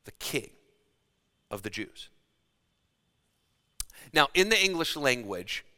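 Male preacher, bright forceful voice, dramatic dynamics, sermon in a church with a long hall echo. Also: on the high side. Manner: dramatic, shifts between loud emphasis and hushed delivery. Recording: long reverb of a large hall.

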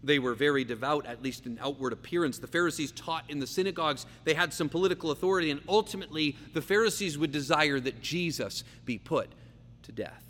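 Guy preaching a sermon, kinda high voice, slows down to hammer key words, big echoey church w/ faint hum. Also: fairly bright tone. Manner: emphatic, slows and repeats key phrases. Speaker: pastor. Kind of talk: expository sermon. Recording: long reverb, faint hum.

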